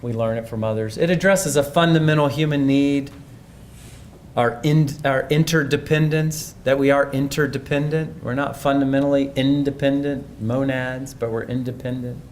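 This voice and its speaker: A man's voice: medium pitch, fairly even intonation, moderate pace, slight background noise. A man giving a conference presentation in a conversational, thoughtful way, often restarting his sentences. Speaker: speaker.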